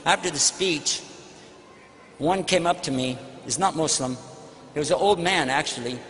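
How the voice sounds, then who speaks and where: A man answers a question at a religious talk by recounting a personal story, voicing both sides of the exchange. His voice is notably high for a man. The sound rings with a long hall reverb over a faint hiss. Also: moderate pace, fairly bright tone. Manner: storytelling, acting out quoted dialogue. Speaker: Islamic speaker. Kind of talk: lecture Q&A answer with anecdote.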